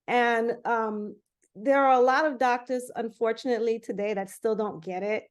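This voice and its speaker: A woman's voice: on the high side, fairly even intonation, moderate pace. Woman host asking earnest questions. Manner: earnest, searching questions with a few hesitations. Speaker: interview host. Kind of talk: conversational interview.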